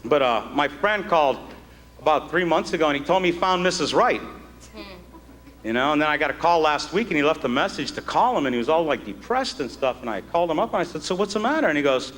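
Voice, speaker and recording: A man's voice: a little high, lively intonation, fast, fairly bright tone, big-room sound. A man doing stand-up comedy in front of a live audience, chatty and jokey with lots of asides. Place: stage before a live audience. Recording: live show with audience and noise.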